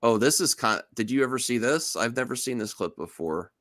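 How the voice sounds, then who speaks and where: A man's voice: medium pitch, animated, fairly quick, fairly bright tone. A man hosting a podcast in casual chat, rambling and restarting his sentences and laughing often. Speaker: podcast host.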